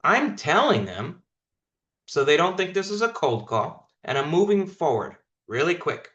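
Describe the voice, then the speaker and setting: A man's voice: a little high, sing-song, unhurried, a bit bright, roomy sound, muffled recording. A man managing a sales team, coaching them through a meeting in an emphatic, instructive way. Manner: emphatic, instructive, demonstrates call lines.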